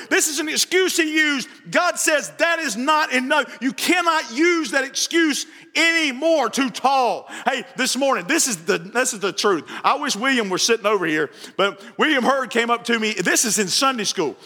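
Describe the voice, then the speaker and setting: A man preaching a sermon, telling stories with lots of repetition and shouting some words for emphasis. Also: extremely high pitch. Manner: animated storytelling, repeats phrases, shouts for emphasis. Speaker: pastor. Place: church sanctuary. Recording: long hall reverb from the sanctuary.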